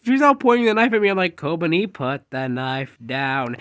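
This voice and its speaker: A man's voice: high-pitched, lively intonation, moderate pace, few pauses, fairly bright tone, clear, resonant tone, no room sound, studio quality. A man casually telling a rambling fan story, jumping animatedly into quoted dialogue.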